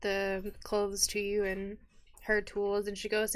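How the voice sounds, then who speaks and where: A woman's voice: medium pitch, completely flat delivery, takes it slowly. A woman narrating a tabletop role-playing game as game master, in a casual way with many fillers.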